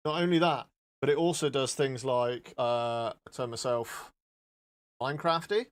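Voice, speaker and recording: A man's voice: medium pitch, a little slow, slight background noise. A man chatting casually and joking as he shows off filters on his live stream, with some swearing.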